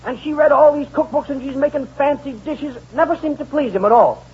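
A man telling a comic story in a chatty, animated way on a radio panel show. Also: extremely high pitch, fairly quick. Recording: dull old radio broadcast.

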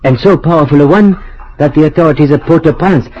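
An actor playing a cynical, suave Paris-educated doctor in an old-time radio drama, speaking in a smooth, dry way. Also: male voice, a little high, fast, lightly acted. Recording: dull lo-fi old radio recording with faint hiss.

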